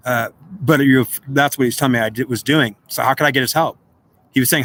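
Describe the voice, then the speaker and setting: A man speaks in a halting, searching way, and he often repeats words as he quotes God back and forth. His voice sits at an ordinary middle pitch. A faint hiss of noise runs under the recording. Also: fairly even intonation, a bit bright. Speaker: spiritual speaker. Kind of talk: personal spiritual talk.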